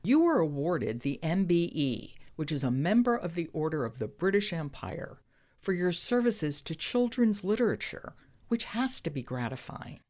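A woman interviewer with a low voice asks questions that range widely in pitch. She sounds curious and appreciative. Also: sing-song, normal speed, darkish tone.

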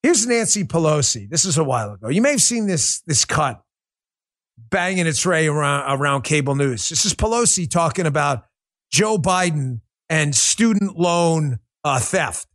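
Male podcast host, high and very animated voice, sarcastic, profane, rant-style commentary. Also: normal speed. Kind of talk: ranting political commentary.

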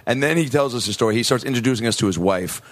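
Fast-talking man telling a story. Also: medium pitch, animated. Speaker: comedian co-host. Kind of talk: casual podcast banter.

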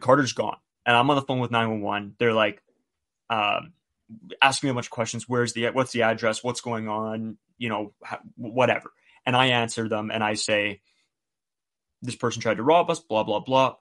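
A man's voice: medium pitch, fairly even intonation, moderate pace, fairly bright tone. A man co-hosting a podcast, casually retelling a story and acting out the quoted dialogue. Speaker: podcast co-host.

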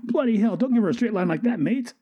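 A man's voice: high voice, lively intonation, fast talker, husky, dry recording, dull audio, pitched above the performer's own voice. A man voicing a cheeky, wisecracking male crook while reading a comic aloud. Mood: indignant. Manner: brash, cheeky, mocking.

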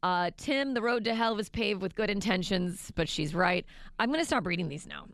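A woman co-hosting a morning radio show, teasing her co-host with exasperated, lively banter. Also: medium pitch, moderate pace, dry recording.

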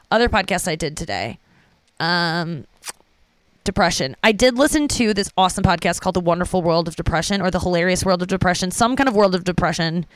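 A woman's voice: on the low side, clear, resonant tone, no room sound. A young adult woman, a stand-up comedian, hosting a casual solo podcast in a rambling, profane, self-interrupting way.

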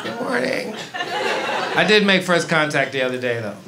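A man from Brooklyn with a New York accent doing a stand-up comedy set, telling stories animatedly and breaking into loud shouted punchlines. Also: a little high, fast talker, over a noisy crowd. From East New York, Brooklyn. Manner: animated storytelling, shifts into loud shouting punchlines and voiced characters. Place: comedy club stage before a laughing audience. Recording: loud audience noise. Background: audience laughter.

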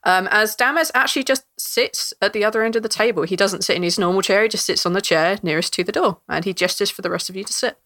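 A woman's voice: medium pitch, fast talker, few pauses, a bit bright. A woman narrating as game master in a chatty way, with many fillers and laughs.

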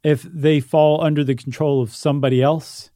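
A man's voice: on the high side, steady tone, moderate pace, mellow, no echo, studio quality. A man co-hosting a casual podcast, explaining ideas in an easygoing way and thinking aloud with fillers. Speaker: podcast co-host.

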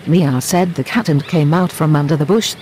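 Flat synthetic male storyteller. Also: fairly high pitch, brisk, slight background noise, low-quality recording. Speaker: narrator. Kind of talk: fairy tale narration.

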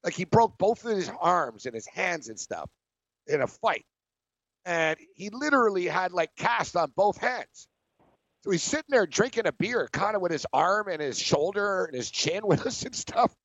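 Animated, storytelling sports radio host man. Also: sits high, no echo. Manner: animated storyteller, quick asides. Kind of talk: casual sports radio chat. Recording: dry, dull lo-fi studio audio.

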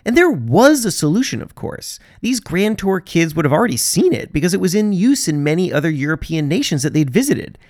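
A man's voice: fairly high pitch, big pitch swings, fairly quick, hardly any pauses, darkish tone, no echo, clean studio sound. A man hosting a podcast, narrating from a script with wry, sarcastic asides. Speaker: podcast host.

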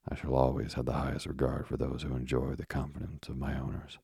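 A man's voice: very deep voice, monotone, quick pace, vocal fry, dark tone, husky, dry recording, studio quality, exaggerated voice. A man voicing an earnest, polite young sailor with a formal, respectful manner.

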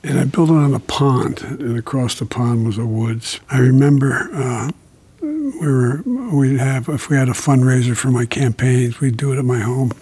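Older man with a gravelly, husky voice. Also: medium pitch, dark tone. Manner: slow, halting, with many fillers and restarts. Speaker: interview guest. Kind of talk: reflective conversation about grief.

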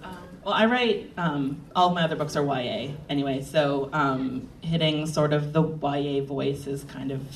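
An author talking casually on a panel, rambling and hesitant with many ums. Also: male voice, fairly high pitch, normal speed, few pauses, echoey room. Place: live event stage. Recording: distant mic, faint noise.

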